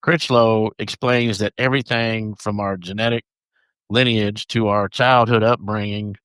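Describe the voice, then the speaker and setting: A man's voice: on the low side, fairly even intonation, a little slow, a bit bright, clear, resonant tone, no echo. A man co-hosting a podcast, chatting casually and reading notes aloud, stumbling over names. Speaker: podcast co-host.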